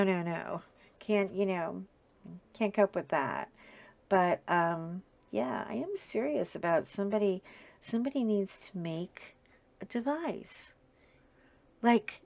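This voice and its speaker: A middle-aged woman chatting casually to her webcam at home, rambling with lots of fillers and restarts. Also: medium pitch. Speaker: vlogger coloring and chatting. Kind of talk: casual chat to camera. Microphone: webcam at desk with ring light.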